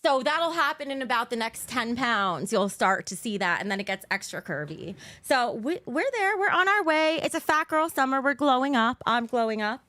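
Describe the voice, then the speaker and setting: A woman hosting a casual livestream chat over a video call, blunt and quick to swear and laugh. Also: a little high, very animated, pushed and bright. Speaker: streamer host.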